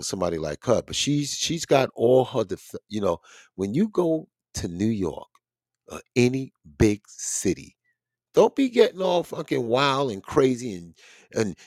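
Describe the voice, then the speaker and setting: A man's voice: lowish voice, a little mellow, no echo, clean studio sound. A middle-aged man hosting a show, telling a story in a casual, rambling monologue with blunt, profane street talk. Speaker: podcast host.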